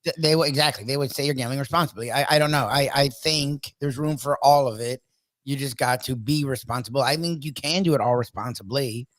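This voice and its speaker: A man's voice: medium pitch, brisk, fairly bright tone, no room sound. Easygoing male sports talk co-host. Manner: agreeable, laughs easily, short replies.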